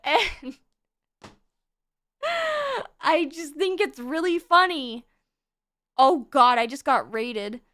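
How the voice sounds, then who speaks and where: A young woman streaming casually while she draws, chatting in a rambling, excitable way and breaking into giggles. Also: high voice, extremely slow, long pauses. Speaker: VTuber streamer. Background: faint background music.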